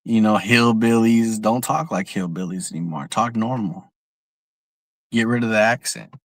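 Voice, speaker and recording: A man's voice: lowish voice, normal speed, no echo. Blunt, profane young man ranting on a livestream. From San Jose, California. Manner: blunt, profane, repeats himself. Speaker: livestream host. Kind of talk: casual livestream rant. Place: outdoors.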